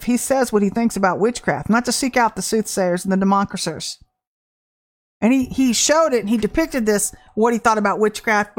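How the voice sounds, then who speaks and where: A woman preaches a prophetic word with fervent emphasis. Her fairly high voice stretches some phrases slowly and rushes through others. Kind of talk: prophetic sermon.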